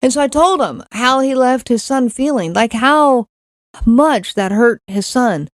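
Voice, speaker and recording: A woman's voice: a little high, unhurried, no room sound, clean studio sound. Earnest woman telling a personal story. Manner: earnest, repeats words, acts out quoted lines. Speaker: podcast host.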